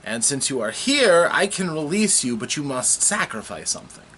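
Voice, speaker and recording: A man voicing a calm male aspect of the god of magic in a tabletop game recap, speaking in a measured, questioning way. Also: a little high, slight background noise.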